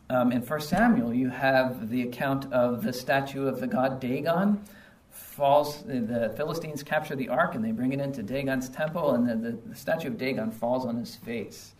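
Sarcastic preacher in an echoey hall. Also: male voice, medium pitch, normal speed, recorded from a distance. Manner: emphatic, sarcastic, acts out biblical taunts. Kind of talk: sermon.

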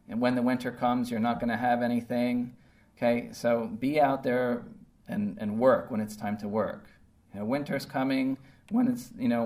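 A man's voice: mid-range voice, a little mellow. Man teaching scripture conversationally. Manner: conversational, checks in with "okay?" and "right?". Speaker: Bible teacher. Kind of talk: casual verse-by-verse Bible teaching.

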